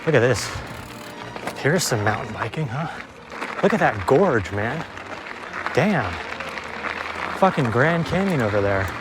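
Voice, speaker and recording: A young man talks to an action camera as he rides a mountain bike through forest trails, panting and tossing off casual swears. His voice sits at an ordinary middle pitch, and the commentary stays loose and self-mocking. Music plays clearly underneath him. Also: very animated, unhurried, long pauses, over a noisy crowd. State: out of breath. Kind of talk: casual narration while riding.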